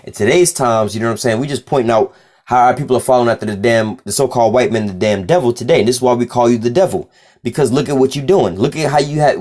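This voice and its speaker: A young man giving an informal scripture teaching in a casual, profane way, reading verses aloud slowly between loose, repetitive asides full of fillers. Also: medium pitch, a little mellow.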